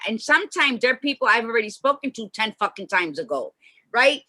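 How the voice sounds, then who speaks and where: Woman co-host, chatty and emphatic storyteller, bright tone. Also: a little high, lively intonation, fast talker, dry recording. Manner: long-winded storyteller, emphatic. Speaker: podcast co-host. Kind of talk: casual chat.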